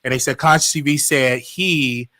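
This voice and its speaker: Bright, dry-sounding interview host man. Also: mid-range voice, fairly even intonation, moderate pace, no echo. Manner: casual, reads questions, short affirmations. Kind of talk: livestream interview.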